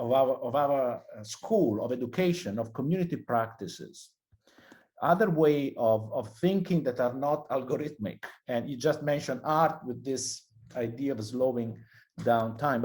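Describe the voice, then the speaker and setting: A man talking on a video call in an academic panel, his voice sitting at an ordinary middle pitch. He speaks thoughtfully and haltingly, pausing with frequent fillers as he builds his points. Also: darkish tone. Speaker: professor and panelist.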